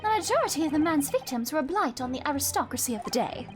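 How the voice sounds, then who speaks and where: A woman reading game characters aloud, high. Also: big pitch swings, fast talker, music in the background.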